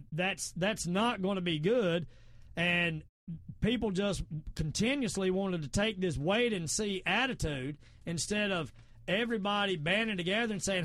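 Southern man, middle-aged, high voice, dry close sound, emphatic and repetitive. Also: measured pace, fairly bright tone, dry recording. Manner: repetitive, emphatic, quotes scripture. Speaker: podcast host. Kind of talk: fervent preachy political talk.

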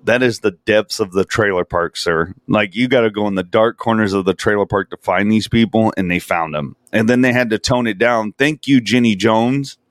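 A man's voice: on the low side, normal speed, few pauses, no room sound, clean studio sound. A man co-hosting a podcast in casual chat, profane and mocking, often slipping into goofy impressions. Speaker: podcast co-host.

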